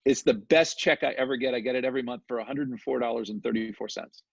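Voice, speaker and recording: Male interview guest, gravelly, animated storyteller, dull lo-fi dry recording. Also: mid-range voice, fast, no room sound. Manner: animated, chatty, often asks "right?". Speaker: guest, real estate developer.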